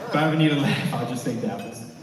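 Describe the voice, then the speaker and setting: A man doing a lively stand-up comedy set, acting out the people in his stories. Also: mid-range voice, fast talker. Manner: animated, acts out other people's voices. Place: large banquet hall with live audience. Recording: echoey hall, far from mic, crowd. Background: audience laughing.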